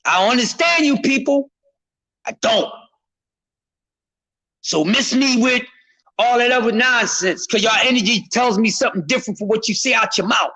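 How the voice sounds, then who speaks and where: Loud high-voiced man ranting, profane. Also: moderate pace, long pauses, low-quality recording. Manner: loud, profane, repetitive, often shouting; speaks to a chat member by name. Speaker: boxing commentary streamer. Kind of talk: heated live-stream rant.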